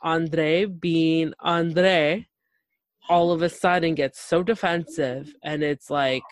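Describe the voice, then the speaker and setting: A woman hosting a casual TV recap chat, animated and gushing, acting out quotes from the show. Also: low-pitched, slow pace, no room sound. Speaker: podcast host.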